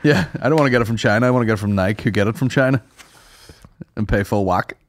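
A man's voice: lowish voice, fast talker. A young adult man co-hosting a podcast, rambling and swearing a lot in casual chat. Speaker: podcast co-host.

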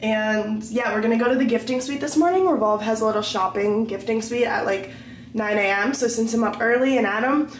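A woman's voice: a little high, a little fast, slight background noise. A young woman vlogging casually to her phone camera, gushing and upbeat as she talks through her festival trip. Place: festival trip: hotel, pool, outdoors.

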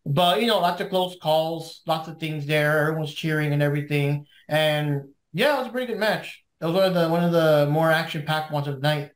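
A man with a slightly high voice, talking loosely and rambling as he hosts a podcast chat. His voice carries a roomy echo. He laughs often between points. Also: brisk, few pauses. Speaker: podcast host. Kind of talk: casual podcast review chat.

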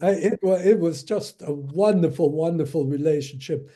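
A man in his nineties from Germany, giving a lecture as a string of anecdotes, halting with many fillers and restarts and chuckling as he tells them. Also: fairly high pitch, warm tone. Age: 90s. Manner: chuckles while recounting stories.

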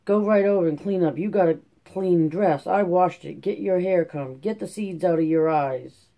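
A man's voice: high voice, moderate pace, gravelly, mellow. A man voicing a weary, determined farm mother who speaks in a folksy rural drawl. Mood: urgent, bossy.

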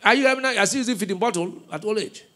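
A man with a Nigerian accent preaching a sermon in a church, with call-and-response questions, shouted bursts and laughing asides. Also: high-pitched, very fast. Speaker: pastor.

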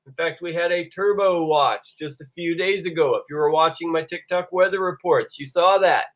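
A man teaching a Latin lesson to a class, asking everyone to repeat phrases and saying the Latin words slowly and clearly. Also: a little high. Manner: call-and-response, drawing out Latin phrases slowly. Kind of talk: classroom-style video lesson.

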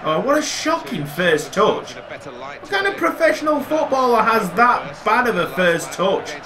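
A young man commentating his football video game, excitable and quick to swear and shout at near misses. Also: high voice. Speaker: gaming commentator. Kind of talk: casual gameplay commentary. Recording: crowd noise from game audio.

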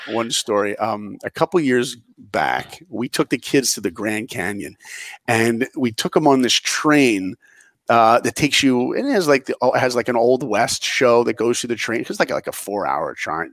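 A man in his forties, a podcast guest, chatting casually as a lively storyteller. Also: mid-range voice, normal speed, no room sound. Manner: animated storyteller. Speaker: guest, animation director.

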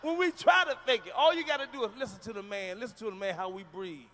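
A high-pitched, bright-voiced man works the crowd in a live stand-up set, profane and loud. He acts out scenes with shouts and moans, and his voice comes through a stage mic with a faint hiss and room ambience behind. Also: fast talker. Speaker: stand-up comedian. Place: large live venue on stage.

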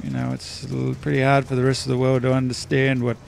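A man's voice: medium pitch, monotone, fast, creaky, slight background noise. A man with an Australian accent, mumbling and rambling through casual gameplay commentary. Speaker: let's play gamer.

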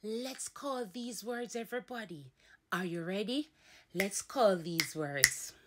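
Slow sing-song Jamaican woman teacher. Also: medium pitch, expressive, heavy background noise. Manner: slow, drawn-out and sing-song, sounding out letters. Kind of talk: children's phonics lesson.

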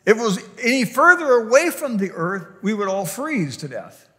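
A man's voice: high-pitched, sing-song, normal speed, a bit bright. An older male pastor preaching a sermon in a church, rambling and folksy, with plenty of fillers and restarts. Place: church sanctuary. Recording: long hall reverb.

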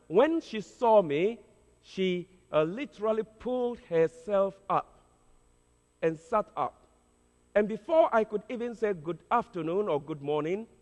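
A man's voice: high-pitched, darkish tone. A man preaching as a pastor, telling a story earnestly and dramatically, with hesitant fillers. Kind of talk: storytelling sermon. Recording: long hall reverb.

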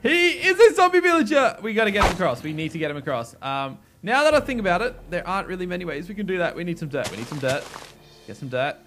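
A man giving casual let's-play commentary as a gaming host, excitable and talking to the characters on screen. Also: a little high, fast talker, over music. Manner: excitable, talks to game characters. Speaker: gaming YouTuber.

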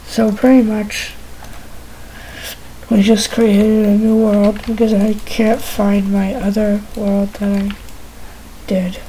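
A woman mutters her way through a game in a relaxed, unhurried drawl. Her tone is mellow and playful, like someone talking to herself at a home computer. Faint keyboard typing ticks along behind her. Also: medium pitch, slight background noise, rough recording. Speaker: gamer. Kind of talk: casual gameplay commentary.

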